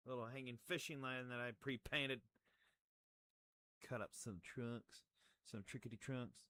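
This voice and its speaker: A man's voice: mid-range voice, steady tone, a little slow, sharp tone, smooth, no room sound. A man talking casually to the camera while he crafts, rambling and joking at his own expense. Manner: rambling, self-mocking, plays with words. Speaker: hobby crafter making model trees.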